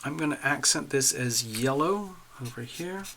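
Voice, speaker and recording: Chatty gravelly-voiced man hosting a livestream. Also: mid-range voice, normal speed, a little hiss or hum. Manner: chatty, animated, addresses viewers directly. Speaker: astrology livestream host. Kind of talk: casual live-stream chat while drawing charts.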